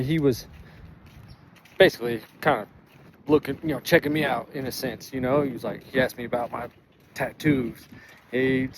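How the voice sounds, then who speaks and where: A man's voice: medium pitch, slight background noise. A man talking candidly outdoors, heartfelt and emotional, swearing freely with lots of fillers. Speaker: vlogger sharing his recovery. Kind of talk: emotional personal vlog. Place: outdoors in sun and breeze.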